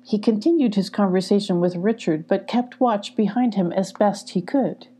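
Warm-voiced woman reading a children's story. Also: medium pitch, moderate pace, slightly rough. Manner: calm, even narration. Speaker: audiobook reader.

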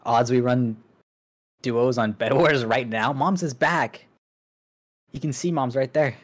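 A man's voice: medium pitch, slow. A man streamer chatting casually on a livestream, loose and rambling, often laughing. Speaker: streamer guest.

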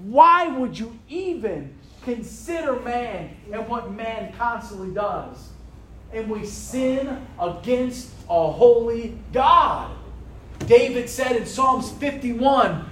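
A man with a notably high voice preaching a sermon in a room full of people. He takes his time, drawing the words out slowly. He keeps asking the listeners questions that expect an answer back. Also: animated, a bit bright. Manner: preaching with rhetorical questions to a responding congregation. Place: room with a congregation.

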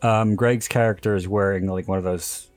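A man's voice: lowish voice, fairly even intonation, moderate pace, darkish tone. A man hosting a podcast, telling stories in a casual chat and laughing often as he goes. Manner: chatty storyteller, laughs often. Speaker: podcast host.

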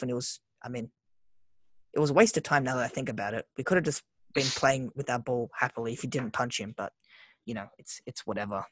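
Young Australian man, chatty storyteller, mid-pitched voice, dry close sound. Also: quick pace, no room sound. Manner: animated storyteller, keeps adding "right?". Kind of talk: casual chat.

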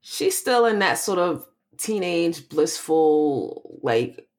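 A woman recapping and analyzing a film in casual chat, measured and explanatory. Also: extremely low pitch, big pitch swings.

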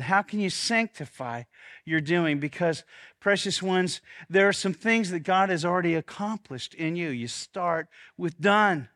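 A man's voice: high voice, lively intonation, a little slow, fairly bright tone. A man preaching a sermon as pastor, earnest, often repeating words as he restarts, and leading the congregation in spoken confessions.

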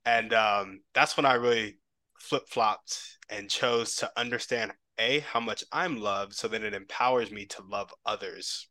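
A man with a lowish, bright and forceful voice speaks thoughtfully as a podcast guest. He often hesitates and reaches for words. The sound is close and dry. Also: unhurried, dry recording. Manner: reflective and hesitant, many fillers. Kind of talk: casual podcast conversation.

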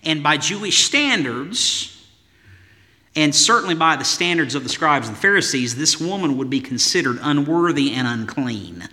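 Male pastor, sermon, bright ringing voice, fairly high pitch, emphatic rhythmic delivery, long hall echo. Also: animated, moderate pace. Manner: emphatic, rhythmic lists and rhetorical questions.

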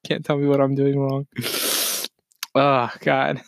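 Man co-host, mid-pitched, off-the-cuff and crude, reading posts aloud in a dry, close recording. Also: monotone, slow, creaky, dry recording, highs cut off. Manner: loose, profane, jokey, laughs at himself. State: burping between sentences. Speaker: podcast co-host. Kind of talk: casual rambling chat, reading posts aloud.

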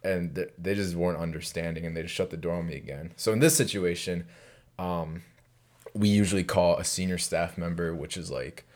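A man's voice: low-pitched, a little fast, a little mellow. A man in his twenties casually telling a profane dorm story as a resident advisor, laughing often as he goes. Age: 20s.

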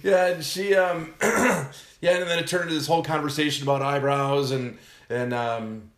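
A man's voice: fairly high pitch, normal speed. A man casually telling a funny story on a podcast, laughing often and acting out what people said. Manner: animated, laughs often, acts out quotes. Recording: echoey room.

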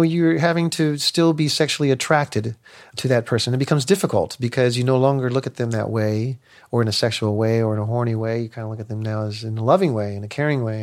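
A man's voice: mid-range voice, darkish tone. A man in an interview, telling frank personal stories in a loose, colloquial way. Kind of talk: candid personal storytelling.

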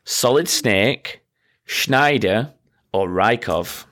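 A man's voice: on the low side, lively intonation, extremely slow, a bit bright. A man hosting a casual quiz with friends, reading out questions and making sarcastic, sweary asides. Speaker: quizmaster.

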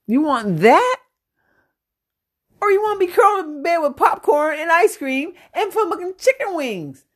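A woman's voice: extremely high pitch, normal speed. Brash, swearing woman on a rant. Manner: brash, swearing, animated, laughs often. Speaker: dating coach podcast host. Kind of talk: profane comic rant.

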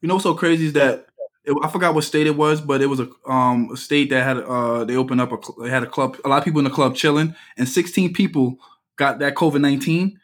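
A man's voice: medium pitch, steady tone, quick pace. A man on a casual podcast joking and complaining theatrically about a friend. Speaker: podcast co-host. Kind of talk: casual storytelling banter.

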